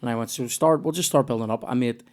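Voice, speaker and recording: A man's voice: medium pitch, fast talker. A young man with a Northern Irish accent hosting a podcast in casual chat, telling rambling, sweary stories full of restarts. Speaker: podcast host, comedian.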